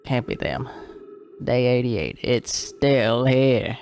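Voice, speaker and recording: A man's voice: mid-range voice, lively intonation, takes it slowly, darkish tone, a little hiss or hum. A man voicing a wry, lonely alien lookout keeper on a moon, reading game dialogue aloud in a put-on rural drawl. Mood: uneasy.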